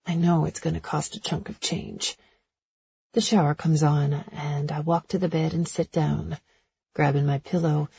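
Woman narrator for a first-person romance audiobook; raspy, gravelly, breathy and intimate, dull lo-fi sound. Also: low-pitched, dark tone.

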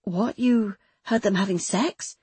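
A woman's voice: mid-range voice, a little slow, dark tone, slightly rough, no room sound. Woman reading as a tense, bitter young mother. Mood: confrontational. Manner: tight, forced sweetness. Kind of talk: audiobook character voice.

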